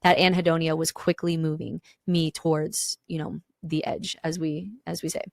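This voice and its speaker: A woman's voice: sits low, level tone, normal speed, vocal fry, dry recording, studio quality. A woman hosting a podcast, talking candidly and reflectively in casual discussion, now and then swearing. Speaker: podcast host.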